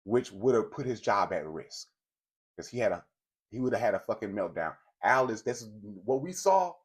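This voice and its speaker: A man with a somewhat low, husky voice talks his viewers through a piece of celebrity drama. He speaks in a loose, conversational way, with plenty of swearing and blunt opinions along the way. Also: very animated, normal speed. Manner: blunt, profane, conversational storytelling. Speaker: commentary host. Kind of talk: casual celebrity gossip commentary.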